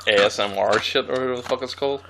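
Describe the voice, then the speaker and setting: A man's voice: medium pitch, racing, heavy background noise. A young man with a Northern Irish accent hosting a casual podcast, laughing often and swearing freely. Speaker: podcast host. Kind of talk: casual chat.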